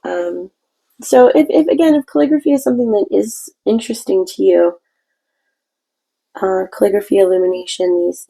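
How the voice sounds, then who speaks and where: A woman's voice: medium pitch, gravelly, mellow, breathy edge, poor audio. A woman hosting a casual craft tutorial, chatty and meandering as she explains her painting step by step. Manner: chatty and meandering, with frequent restarts.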